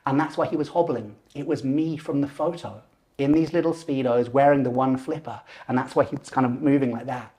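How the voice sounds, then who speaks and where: A man in his forties, a lucid dreaming teacher and podcast guest, telling a personal story in an animated way. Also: medium pitch, brisk. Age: 40s. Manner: animated, acts out voices and gestures while telling.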